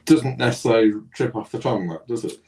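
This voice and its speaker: Woman co-host with an extremely low voice, dry teasing banter, recorded from a distance. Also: fast talker, mellow, a little hiss or hum. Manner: teasing, dry jokey interjections. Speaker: podcast co-host. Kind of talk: casual podcast chat. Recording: distant mic.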